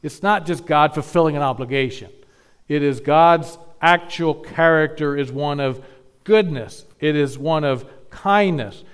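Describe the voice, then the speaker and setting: Man preaching a measured sermon, smooth tone. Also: fairly high pitch. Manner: measured, emphatic teaching with pauses and restarts. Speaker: pastor.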